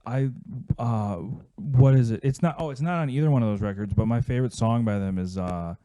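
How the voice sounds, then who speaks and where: A man's voice: medium pitch, brisk, mellow, no room sound. A man, a guitar player, talking as a podcast guest in rambling, profane casual chat and telling stories. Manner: rambling, swearing, storytelling.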